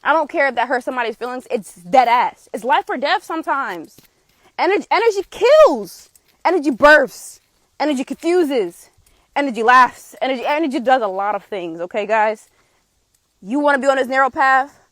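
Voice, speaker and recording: A woman, a tarot reader giving a passionate, forceful live spiritual reading with blunt swearing. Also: high-pitched, expressive, normal speed, no echo. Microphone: streaming setup.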